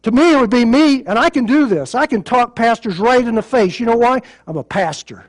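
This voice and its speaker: A man's voice: very high-pitched, lively intonation, brisk. A male pastor preaching a sermon in a plain conversational way, with sarcasm and rhetorical questions.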